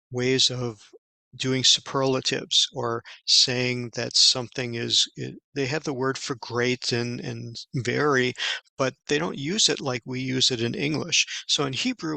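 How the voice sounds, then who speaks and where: A man giving an informal Bible study lesson, talking in a casual, halting way with many fillers and restarts. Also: mid-range voice, gravelly, sharp tone, dry recording, rough recording. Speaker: Bible teacher.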